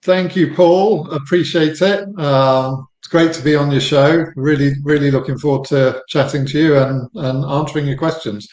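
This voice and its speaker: A man's voice: a little high, steady tone, moderate pace, few pauses, a little mellow. English man in his fifties, roomy call. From United Kingdom. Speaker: guest, company founder. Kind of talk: casual interview chat.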